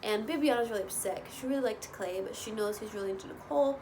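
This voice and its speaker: A woman casually recapping a reality show, chatty, with lots of "like" and "you know" and lively quoted bits. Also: medium pitch, quick pace, slight background noise, poor audio. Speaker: recap host.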